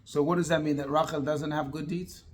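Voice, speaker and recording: Male rabbi, slightly raised pitch, animated teacher who quizzes the room. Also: fairly quick, a little hiss or hum. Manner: animated, asks the class many rhetorical questions. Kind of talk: interactive Torah class.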